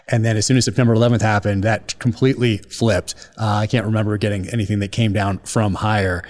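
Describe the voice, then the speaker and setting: A man in his forties, a former SEAL, hosting an interview and asking relaxed, conversational questions. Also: on the low side, fast, hardly any pauses. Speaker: podcast host, former SEAL. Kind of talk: interview host.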